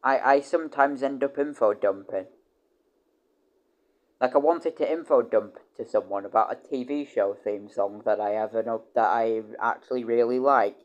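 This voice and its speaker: A man livestreams a loose, rambling chat at a moderate pace, his audio missing the high frequencies. He curses freely, keeps breaking off and restarting sentences with repeated words, and his pitch leaps up loudly when he gets excited.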